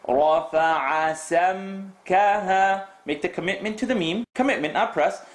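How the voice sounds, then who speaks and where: A man teaching Quran recitation rules, reciting verses and repeating sounds slowly to correct students. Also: sits high, animated, roomy sound, soft background music. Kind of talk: tajweed lesson with recited demonstrations.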